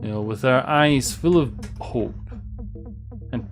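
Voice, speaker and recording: A man's voice: medium pitch, slow, pauses often. A man giving casual gameplay commentary, rambling and sardonic, swearing often as he plays. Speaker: let's play host. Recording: game music clear behind voice.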